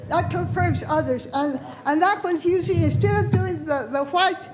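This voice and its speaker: Woman commenter in a board chamber, very high voice, rambling, accusing, off-mic. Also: normal speed, poor audio. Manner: rambling, accusatory, repeats herself. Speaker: public commenter. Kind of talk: public comment at a meeting. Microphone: off to the side of a podium mic.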